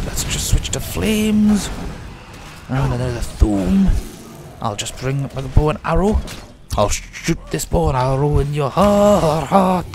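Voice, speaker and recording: Male let's-player with a sore throat, rambling, keeps wandering, slightly high voice. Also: background noise. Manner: rambling, chatty, mock-grumbling at the game; drifting in and out of put-on accents. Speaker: let's play gamer. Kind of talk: casual gameplay commentary.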